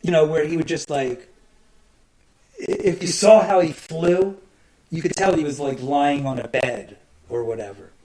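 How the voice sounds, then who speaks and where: A man in a casual, rambling monologue, often clearing his throat and swearing. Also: on the high side, normal speed, darkish tone, low-quality recording.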